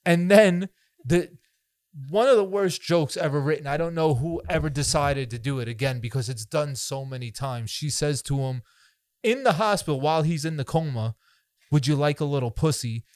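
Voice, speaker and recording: Male podcast co-host, slightly high voice, dry close sound, incredulous riffing. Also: normal speed, a little mellow, no echo. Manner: incredulous, riffing on movie absurdities. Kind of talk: casual movie review chat.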